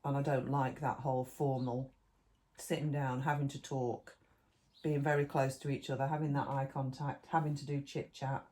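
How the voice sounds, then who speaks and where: A woman's voice: extremely low pitch, level tone, moderate pace, mellow, slight background noise. Middle-aged woman chatting on a podcast, rambles in long lists, keeps restarting her sentences. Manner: rambling, listy, restarts mid-thought. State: eating while talking. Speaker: podcast co-host. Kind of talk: casual chat.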